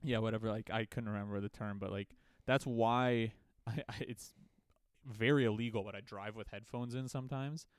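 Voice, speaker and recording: Rambling, foul-mouthed young podcast co-host. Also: male voice, on the low side, fairly even intonation, normal speed, clear, resonant tone, no echo. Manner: rambling, swears a lot, laughs often. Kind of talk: casual podcast chat.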